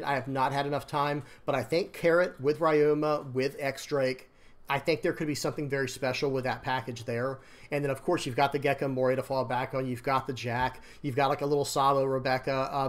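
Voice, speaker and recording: A young man chatting casually about his card game decks, rambling and apologetic with restarts and quick laughs. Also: medium pitch. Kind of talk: casual chat while showing deck lists.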